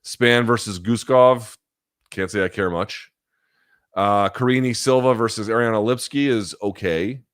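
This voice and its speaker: A man's voice: lowish voice, unhurried, clear, resonant tone, dry recording, studio quality. A man in his forties hosting a live chat show, reading out viewer questions and answering bluntly, with casual profanity and a habit of thinking aloud. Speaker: host.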